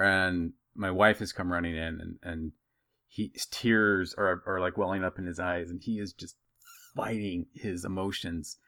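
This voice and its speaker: A man's voice: low-pitched, dry recording, clean studio sound. A man in his thirties telling funny stories on a podcast, acting out what other people said. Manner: animated storyteller who acts out other people's voices. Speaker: podcast co-host. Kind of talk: casual storytelling.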